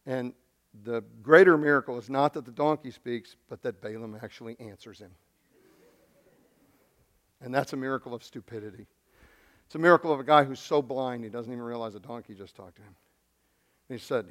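A man preaching a sermon, retelling a scripture story with lively acting and humorous asides. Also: medium pitch, brisk, long pauses. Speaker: pastor.

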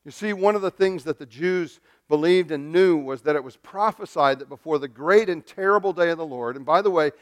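A man's voice: a little high, fairly quick, hardly any pauses. A man preaching a sermon as pastor, emphatic, often repeating words as he stresses a point.

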